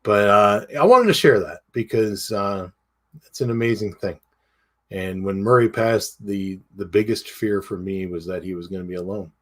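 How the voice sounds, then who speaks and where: Male podcast co-host, lowish voice, casual and halting, full of fillers. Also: fairly bright tone. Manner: halting, many fillers and restarts. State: tearful. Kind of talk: casual chat.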